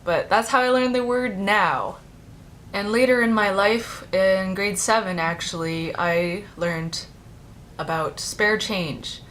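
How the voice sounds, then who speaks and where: A woman's voice: mid-range voice, slow, a bit bright, slight background noise. A young adult woman and native Chinese speaker, telling rambling, chatty stories in a casual vlog with many fillers. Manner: chatty and rambling, heavy use of "like". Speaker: vlogger.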